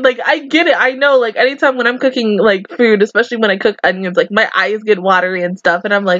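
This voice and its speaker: A woman's voice: medium pitch, fast, hardly any pauses, fairly bright tone, no echo, dull audio. A young woman hosting an anime reaction, gushing and giggling through casual commentary full of "like" and "oh my god".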